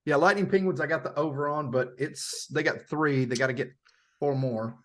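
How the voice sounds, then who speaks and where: A man's voice: fairly high pitch, moderate pace. A man co-hosting a podcast, casually going over his bets and teasing the others. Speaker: podcast co-host. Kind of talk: casual sports betting chat.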